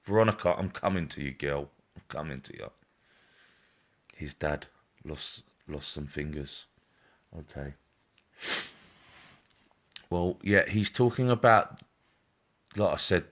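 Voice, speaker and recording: Low-voiced man giving live readings. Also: unhurried, pauses often, fairly bright tone. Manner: repetitive, reassuring, addresses viewers by name. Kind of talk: live-stream psychic reading.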